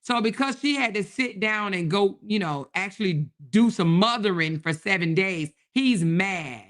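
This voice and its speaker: Animated woman live-streaming to her chat. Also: mid-range voice, unhurried. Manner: animated, talks straight to her chat with slang and repeated exclamations.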